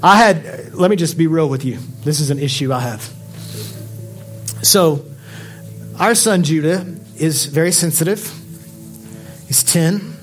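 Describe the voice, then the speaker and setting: Pastor preaching with fervent high delivery. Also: male voice, animated, unhurried, pauses often, faint music behind. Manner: impassioned preaching, shifts to quiet storytelling. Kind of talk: sermon.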